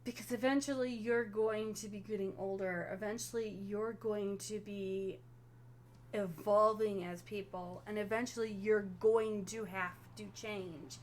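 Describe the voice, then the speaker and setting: A woman running a tabletop role-playing game as game master, explaining at length in an animated way. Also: medium pitch, measured pace.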